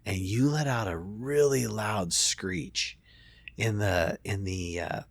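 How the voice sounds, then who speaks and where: A middle-aged man, a therapist, telling a family story in a relaxed conversation, reflective and full of restarts. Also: fairly low pitch, slow, vocal fry, dry recording. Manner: reflective, many restarts and fillers. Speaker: therapist and podcast host.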